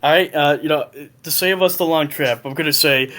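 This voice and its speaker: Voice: mid-range voice, brisk, fairly bright tone. A game master narrating a tabletop role-playing game over an online call, loose and laughing with many fillers.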